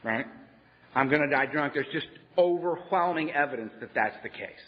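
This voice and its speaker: A man's voice: a little high, moderate pace. A man speaking at a recovery meeting, telling his story conversationally with wry humor and frequent "right?". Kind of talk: personal recovery talk to a meeting. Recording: dull lo-fi sound in a reverberant hall.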